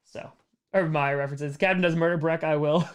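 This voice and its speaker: A man's voice: a little high, fairly even intonation, fairly quick, clear, resonant tone. A man hosting a casual livestream Q&A, reading out viewer questions and answering in a chatty way that repeats phrases.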